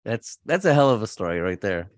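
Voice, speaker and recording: A man's voice: fairly low pitch, very animated, fairly quick, no room sound, studio quality. A man co-hosting a true crime podcast, chatting casually and joking with his co-host between case details.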